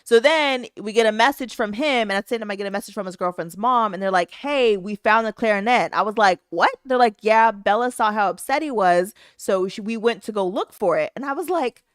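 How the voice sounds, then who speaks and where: A woman co-hosting a casual podcast, recorded close and dry with no room sound. She tells a story with a lot of life and acts out the voices of the people in it. Her pitch sits in the middle range for a woman. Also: fairly quick, hardly any pauses, smooth, dry recording. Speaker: podcast co-host. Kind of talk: casual chat.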